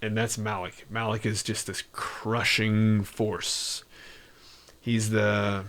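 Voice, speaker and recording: A man streaming live and chatting casually with his viewers, rambling with lots of fillers and trailing pauses. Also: on the low side, flat delivery, fairly bright tone. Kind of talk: casual chat.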